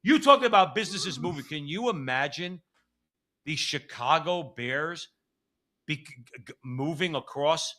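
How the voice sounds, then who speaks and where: A man's voice: on the high side, lively intonation, unhurried, bright, forceful tone. A man co-hosting a political commentary show, talking in a heated, belligerent rant. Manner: belligerent, ranting. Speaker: co-host.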